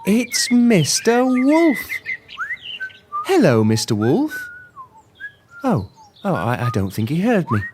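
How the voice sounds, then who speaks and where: A woman telling a story to young children, gently and expressively, talking to her listeners. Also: very deep voice, wildly swooping pitch, a little slow, long pauses, background noise.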